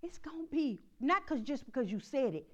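High-voiced woman pastor preaching a sermon. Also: sing-song, a little fast, highs cut off. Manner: preaching with call-and-response, swinging from soft asides to shouts.

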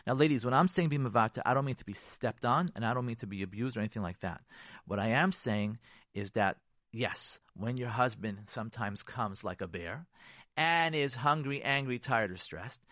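A man's voice: medium pitch, a bit bright, dry recording, clean studio sound. A man, a rabbi, giving an emphatic radio talk on marriage. He repeats key phrases for force and drops Hebrew and Yiddish terms. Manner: emphatic and repetitive, preacherly.

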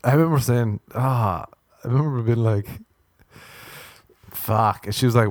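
A man's voice: medium pitch, a little slow, no room sound, studio quality. A man hosting a podcast, rambling through comic stories about himself and laughing often. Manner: rambling, self-mocking storyteller who laughs often. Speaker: podcast host. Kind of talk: comedic podcast monologue.

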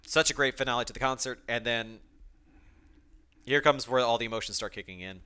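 A young man speaks in a bright voice on his solo podcast. His talk is emotional and full of ums and restarts, and he is choked up at times. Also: medium pitch, brisk, clear, resonant tone. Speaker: podcast host.

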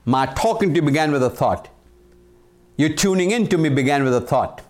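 An Indian man in his sixties delivers a motivational talk on leadership with an Indian accent. His voice is on the high side and darkish, with lively intonation, and he speaks emphatically, repeating key phrases and slowing for the punch lines.

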